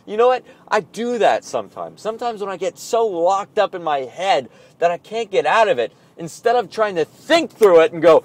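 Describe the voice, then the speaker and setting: A man's voice: high-pitched, big pitch swings, measured pace, few pauses, no room sound. A man recording an audio blog, talking through his thoughts in a playful, self-mocking, rambling way. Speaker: audio blogger. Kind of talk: casual spoken reflection.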